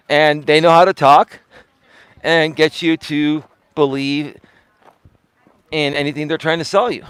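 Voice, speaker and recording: Middle-aged life coach guy on a live stream, kinda high voice, punchy emphasis, dry close mic. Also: steady tone, takes it slowly, long pauses, fairly bright tone, clear, resonant tone, dry recording. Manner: emphatic, swinging highs and lows.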